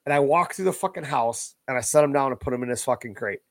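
A man's voice: mid-range voice, quick pace, dry recording. Profane storytelling man, very dry sound. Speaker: podcast co-host. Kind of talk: casual chat.

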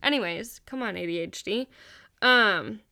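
Young woman podcast host, super bright crisp voice, chatty and swears a lot. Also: mid-range voice, a little slow. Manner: candid, profane, chatty. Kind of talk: casual confessional storytelling.

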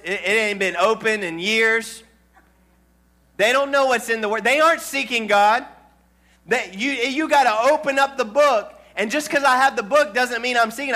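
A man's voice: high voice, sharp tone. A male pastor preaching a sermon to a congregation in church, calling for amens and asking the room questions. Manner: call-and-response preaching to a congregation.

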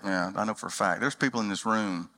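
A man's voice: on the low side, quick pace, bright, forceful tone. A man preaching a sermon as pastor, telling folksy stories and acting out dialogue in a large church hall. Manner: folksy storytelling, acts out dialogue.

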